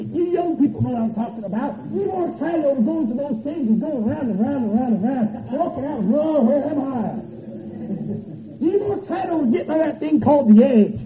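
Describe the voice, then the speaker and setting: High-voiced preacher in an echoey church. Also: male voice, background noise. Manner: animated, folksy and joking, swings from loud to soft. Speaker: revival preacher. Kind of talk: revival sermon. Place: church sanctuary. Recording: echoey church, dull old tape.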